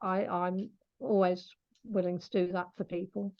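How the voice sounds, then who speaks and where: A woman's voice: on the low side, flat delivery, a little slow, highs cut off. A woman being interviewed as an animal communicator, chatty and laughing often as she explains patiently. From Scotland. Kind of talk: casual interview talk.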